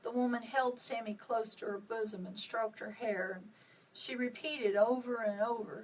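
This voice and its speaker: A woman author reading her own novel aloud on a live stream, with expressive dips and rises. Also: medium pitch, normal speed, recorded from a distance, a little hiss or hum, rough recording. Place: at home on a live video stream.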